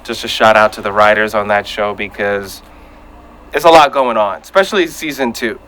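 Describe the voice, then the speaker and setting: A man hosting a casual podcast chat, talking in an animated way and acting out his reactions. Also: lowish voice, normal speed, rough recording. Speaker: podcast host.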